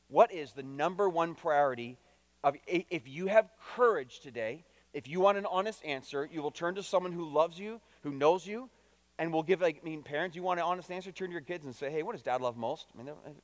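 High-voiced emphatic male preacher. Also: no echo, long reverb tail. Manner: emphatic, repeats key phrases, asks the congregation direct questions. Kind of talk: sermon. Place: church.

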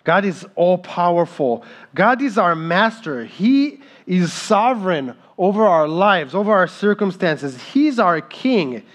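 A man in his thirties preaching a sermon as pastor, slow and emphatic in delivery. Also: sits high, big pitch swings, fairly bright tone.

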